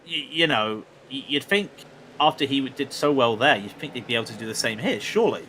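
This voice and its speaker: Bright-voiced male race commentator. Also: mid-range voice, lively intonation, a little hiss or hum. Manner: chatty, bantering, quick asides. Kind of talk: sim racing commentary.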